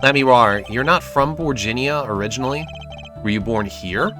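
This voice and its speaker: A man's voice: medium pitch, moderate pace, bright, forceful tone, soft background music, lightly acted. A man reading the lines of a young male defense attorney in a game, wry and thoughtful.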